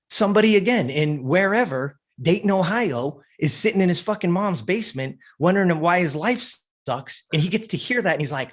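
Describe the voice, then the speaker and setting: A man with a raspy, somewhat high voice holds forth as a podcast guest. His motivational talk is blunt, intense and full of swearing. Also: animated, a little fast, hardly any pauses.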